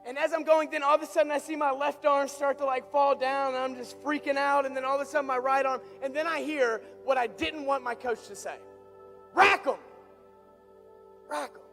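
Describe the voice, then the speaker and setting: A young man preaching through an animated personal story, building from quiet asides to excited shouts. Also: extremely high pitch. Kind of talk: storytelling sermon.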